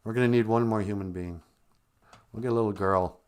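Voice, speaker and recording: An eager, agreeable film director, played by a man, in a lightly raised, upbeat voice. He agrees quickly and plans aloud. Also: lowish voice, fairly even intonation, lightly acted.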